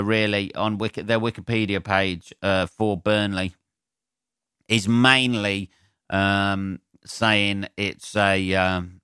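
A man's voice: lowish voice, pushed and bright, smooth, dry recording, studio quality. A man with a stuffy, bunged-up nose, a comedian rambling through a solo podcast in a sweary, sardonic, self-mocking way. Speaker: stand-up comedian hosting a podcast.

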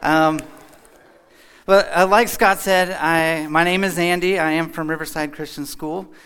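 A man's voice: a little high, steady tone, unhurried, a bit bright, smooth. A man from Kentucky giving a casual, joking talk as a guest speaker at a church. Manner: chatty, joking, folksy. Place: church hall.

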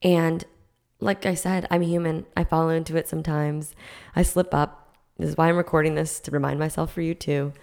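A woman's voice: sits low, gravelly, darkish tone. A woman hosting her own podcast as a life coach, talking in an earnest, reflective, casual way with frequent restarts. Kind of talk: casual solo podcast talk.

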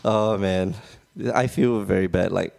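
A man's voice: low-pitched, fairly even intonation, measured pace, creaky, a little mellow. A man from Malaysia hosting a casual podcast, joking and rambling with frequent laughs. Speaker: podcast host.

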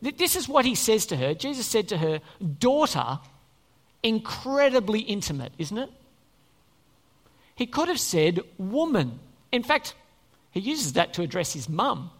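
A preacher gives a conversational sermon, frequently posing questions to the congregation. The voice is mid-range, very animated, and at a normal speed, with long reverb from the church hall.

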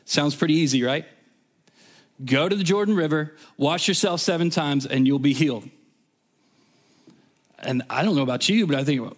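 A man's voice: on the high side, normal speed, pauses often. A man preaching a sermon as a guest speaker, in a casual, chatty way with offhand asides. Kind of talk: conversational sermon.

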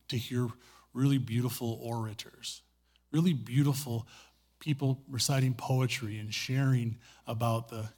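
A man's voice: mid-range voice, slightly rough. A middle-aged man preaching in a church, telling stories in a conversational way and pleading earnestly with the congregation. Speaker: pastor. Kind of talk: sermon. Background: guitar playing.

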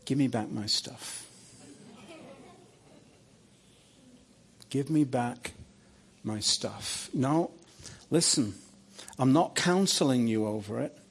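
A preacher voicing Jesus speaking to him in a dream, insistently repeating his demand and then talking softly and tenderly. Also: mid-range voice, animated, a little slow, long pauses, a little hiss or hum, pitched below the performer's own voice. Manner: soft and tender when gentle.

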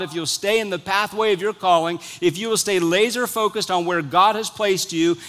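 A male pastor with a high voice delivers a sermon in an earnest storytelling manner. He retells an old story, then turns to press its lesson on his listeners. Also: bright, forceful tone.

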